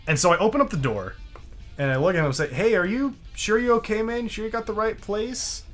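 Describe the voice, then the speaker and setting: A young man with a somewhat high, very lively voice tells a rambling story on a podcast. He acts out the other people in it and laughs as he goes. Faint music sits under his voice. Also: moderate pace. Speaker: podcast co-host. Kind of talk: casual storytelling.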